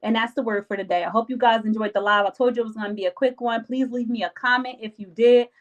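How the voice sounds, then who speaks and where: A young woman talks straight to her live viewers, handing out life advice in a casual, emphatic way. She leans on slang and repeats her points for weight, and her voice sits a little on the high side. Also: steady tone, fast talker, low-quality recording. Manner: emphatic, repetitive, slangy, acts out friends' lines. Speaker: live-stream host giving life advice.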